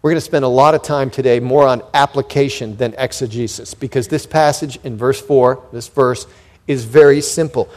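A man preaching an expository sermon as a pastor, talking conversationally with frequent restarts and sudden emphatic rises in loudness. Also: medium pitch, steady tone, normal speed. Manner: frequent repeated words and restarts.

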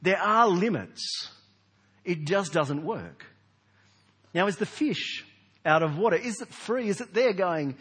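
A man, preaching a sermon in a large church in a lively, conversational way with rhetorical questions. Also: high-pitched, slow, long pauses, breathy edge. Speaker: pastor. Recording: long hall reverb.

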